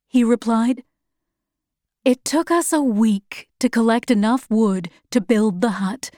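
A woman narrating a story in a measured, even way. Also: a little high, no echo, studio quality.

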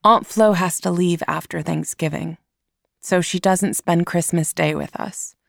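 A woman reads a storybook aloud at a slow, measured pace. Her voice has a gravelly, creaky texture. The recording is dry and close. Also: fairly low pitch, dry recording. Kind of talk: scripted audiobook narration.

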